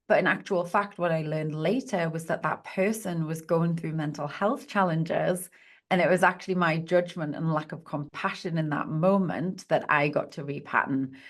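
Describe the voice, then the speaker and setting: A woman's voice: low-pitched, steady tone, moderate pace. A woman speaking as a podcast guest and positive psychologist, talking in an earnest, encouraging coaching tone. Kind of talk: podcast conversation.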